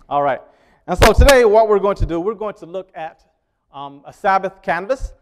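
A man delivers a sermon with a voice pitched slightly higher than most men's. He talks with the congregation rather than at it, asking questions and waiting for answers. He pushes some words out loud and drops others into quiet asides. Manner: conversational, asks the congregation questions; swings between loud emphasis and quiet asides. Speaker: preacher.

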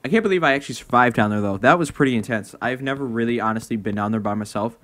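A young man commentating his own game play at home, excitable, breaking into shouts and laughs at his wins. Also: medium pitch, racing. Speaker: gaming video host. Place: home room.

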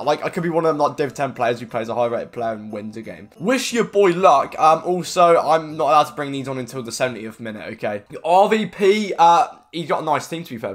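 A young man commentating his own football video game matches, excitable and swearing, often yelling at the players. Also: fairly high pitch. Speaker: gaming YouTuber. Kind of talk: live gameplay commentary.

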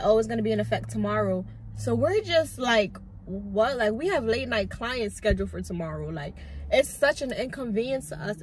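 Young woman vlogging a storytime, animated, talks right to the camera, says like a lot, mid pitch. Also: slight background noise. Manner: animated, talks straight to viewers; lots of fillers like "like" and "bro". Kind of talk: casual storytime chat.

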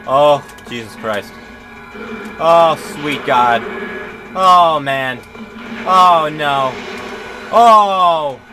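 Male let's-play host, high and very expressive, drawn-out exclamations, noisy home recording. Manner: exclamatory, swings between dismay and giddy laughter. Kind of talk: live gaming commentary.

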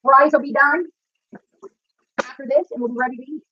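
Her voice high and her intonation fairly even, a woman YouTuber rants profanely and confrontationally as she cooks on a livestream in her home kitchen. She rambles at a moderate pace, sounding pushed and bright, in a dull, lo-fi, dry recording with no echo.

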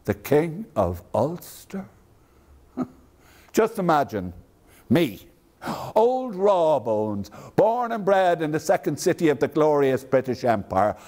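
A man's voice: mid-range voice, a little mellow. An actor with an Irish accent playing an aging, proud statesman in a theatrical one-man stage monologue, wry and grand, savoring each phrase.

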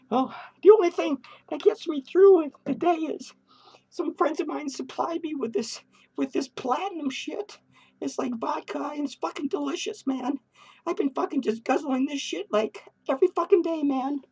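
A high, shrill, unhinged clown rambles through crude, swearing rants, giddy and tipsy in a home studio. The voice sits well above a typical speaking pitch and breaks into cackling laughs. It's a comedic character vlog, manic and drifting from thought to thought. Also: male voice, dark tone. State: tipsy and hyper.

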